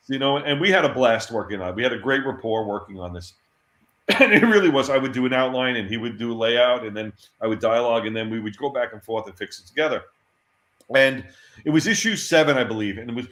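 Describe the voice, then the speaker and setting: A man being interviewed, telling animated anecdotes and laughing often. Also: mid-range voice. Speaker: interview guest. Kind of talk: storytelling in an interview. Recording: roomy echo.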